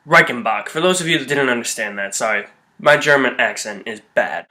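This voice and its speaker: A man's voice: mid-range voice, expressive, brisk, bright, forceful tone. A man giving a casual, chatty recap and review of a TV episode with loose, informal language.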